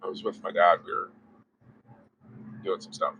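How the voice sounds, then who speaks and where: A man telling a story in a relaxed, rambling way, retelling conversations with lots of fillers. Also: low voice, normal speed, slight background noise, low-quality recording. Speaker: car vlogger. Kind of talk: casual storytelling.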